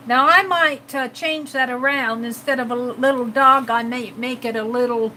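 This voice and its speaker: A woman's voice: on the high side, pushed and bright, a little hiss or hum, poor audio. A woman hosting an art live stream, chatting casually with viewers and reading their comments with frequent giggles. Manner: giggly and playful, laughs often.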